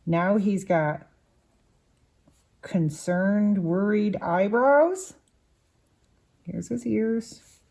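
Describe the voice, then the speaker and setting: A woman leads a drawing lesson for young children, explaining each step patiently as she sketches. Her pace is slow and unhurried, and her voice sits a little low. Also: warm tone.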